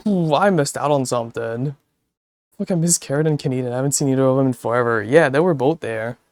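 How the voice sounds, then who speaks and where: A man's voice: mid-range voice, normal speed, pauses often, darkish tone, no room sound. Swearing, laughing male streamer, dry sound. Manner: profane, laughing storyteller; talks to chat viewers. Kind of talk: casual stream chat.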